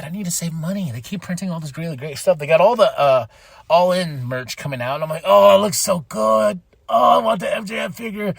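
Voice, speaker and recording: A man hosting a podcast, giving an excitable, casual recap of a wrestling show and acting out the wrestlers' lines. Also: a little high, dry recording. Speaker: podcast host.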